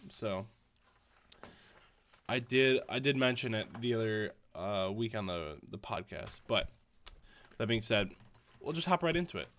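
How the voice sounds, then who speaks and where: A man's voice: on the low side, expressive, a little slow, long pauses, fairly bright tone. A man hosting a casual solo podcast, talking with a stuffy, congested nose in a rambling, self-deprecating way that often repeats itself. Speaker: podcast host. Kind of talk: casual solo sports-betting chat. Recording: slightly dull lo-fi audio.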